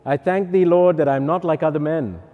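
Smug boastful Pharisee , man doing the voice; pompous, lifted pitch, echoey hall. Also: normal speed, narrow, tinny audio, natural voice. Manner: pompous, self-satisfied.

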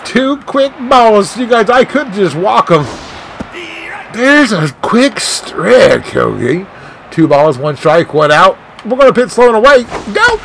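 A man giving live play-by-play of his own video game as a channel host, swinging between shouts and dejected muttering. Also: high voice, sing-song, slow pace, gravelly, a little hiss or hum. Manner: mild swearing, "freaking" and "dang it" catchphrases.

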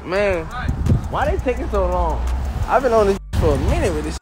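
A young man chatting casually to camera during a car delivery at his house, excitable and boastful, repeating himself. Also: high-pitched, normal speed, music in the background. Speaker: rapper showing off a new car delivery.

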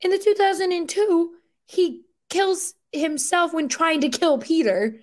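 A woman chatting casually on a podcast, rambling and animated, with lots of filler words and incredulous outbursts. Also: very high-pitched, measured pace.

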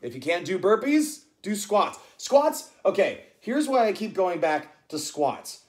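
A man's voice: high-pitched, sing-song, unhurried. A man leading a live-streamed home workout, chatting and counting reps aloud in a coaching manner. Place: indoors at home. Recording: echoey room.

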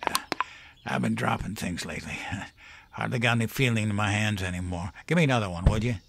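A man voicing a gruff old male storyteller who drinks, talking in a folksy, profane, chuckling way. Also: fairly low pitch, a little fast, heavy background noise, pitched above the performer's own voice. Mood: gruff storytelling.

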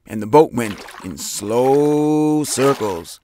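A man reading a children's picture book aloud in an animated storytelling style, putting on voices for the characters. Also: normal speed, hardly any pauses, background noise. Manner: animated, voices characters with big pitch jumps. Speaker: storybook narrator.

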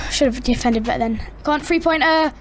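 A woman giving excited, chatty commentary on her own basketball video game match, hosting her gaming channel from a room at home. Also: high voice, moderate pace, slight background noise. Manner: excitable, chatty, cheers and groans at plays. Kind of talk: live gameplay commentary. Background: friends talking in the background.

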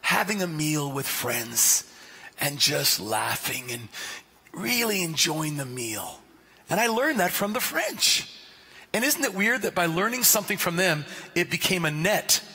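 A man's voice: on the high side, slightly rough. A male pastor preaching a sermon in a church, telling stories with jokes and calling out listeners by name. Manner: animated, joking storyteller who addresses listeners by name. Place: church sanctuary. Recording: long reverb of a church sanctuary.

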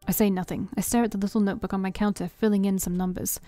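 A woman streamer reading a story game aloud in expressive first-person narration. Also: medium pitch, rapid-fire, few pauses, dry recording, faint music behind. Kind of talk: reading a visual novel aloud.

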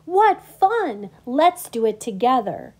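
An eager little pollywog boy squeals with wonder at everything, as a woman reads him aloud. His voice rides high and bubbly, full of wide-eyed questions in a gentle storybook telling. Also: expressive, unhurried. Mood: excited. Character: excitable young male pollywog, eager and curious.

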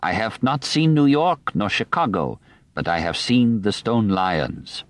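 A quiet, soft-spoken young scientist speaks pleasantly with a slight German accent, as a male audiobook reader puts him on. The voice stays gentle and rather low, recorded close and dry. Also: lively intonation, measured pace, no echo. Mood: wistful.

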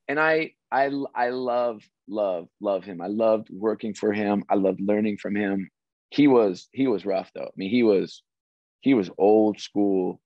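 A middle-aged man, a former sports executive, telling stories as an interview guest in an animated, restarting way. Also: lowish voice, unhurried, no room sound. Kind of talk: casual interview storytelling. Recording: dry, slightly dull audio.

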